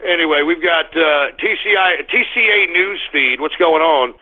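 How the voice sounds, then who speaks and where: A man's voice: on the high side, moderate pace. A man hosting a live radio show, griping and blustering at his listeners. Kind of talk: live call-in radio rant. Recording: tinny phone-like sound.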